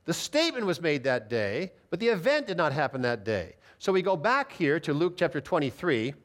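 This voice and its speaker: Emphatic pastor with a lively voice. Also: male voice, a little high, brisk. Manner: explanatory, emphatic, reads scripture aloud. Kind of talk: Bible teaching sermon.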